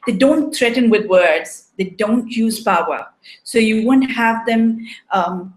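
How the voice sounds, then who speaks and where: A woman coaching on relationships, giving a measured explanatory talk and often checking in with "right?". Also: medium pitch. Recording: echoey room.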